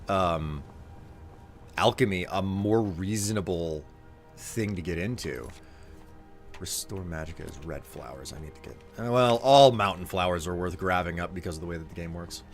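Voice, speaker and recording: Low-voiced rambling male streamer. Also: animated, moderate pace, a bit bright, faint music behind. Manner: rambling, self-interrupting, jokey. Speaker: streamer playing a game. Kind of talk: casual live-stream chatter.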